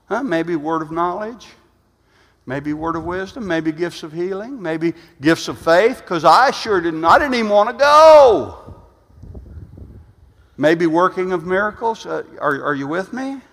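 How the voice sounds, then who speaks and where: A middle-aged man, preaching a testimony-style sermon and telling stories, often stumbling over repeated "and, and" as his voice swells loud, then drops soft. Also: fairly high pitch, expressive, measured pace. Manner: storytelling, repetitive "and, and", shifting loud and soft. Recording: long hall reverb.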